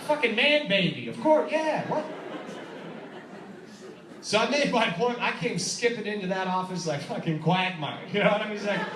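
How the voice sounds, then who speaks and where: A man performing a stand-up comedy set, telling a story with animated delivery, acting out voices and laughing at his own jokes. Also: sits high, recorded from a distance, background noise. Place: comedy club stage. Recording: echoey club recording, audience laughter. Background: audience laughing.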